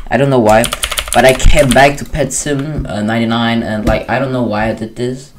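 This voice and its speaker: A man's voice: mid-range voice, steady tone, normal speed. Rambling man livestreaming with keyboard clatter. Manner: rambling, says "bro" constantly, frequent laughs. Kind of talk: casual gaming livestream chat. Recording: keyboard clicks and typing noise. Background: keyboard typing.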